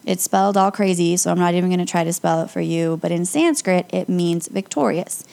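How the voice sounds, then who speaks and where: A young woman, a yoga instructor and podcast host, talks listeners through calm breathing exercises in a casual, encouraging way. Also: lowish voice, fairly quick, gravelly. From Las Vegas area. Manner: calm, upbeat and encouraging, with light laughs.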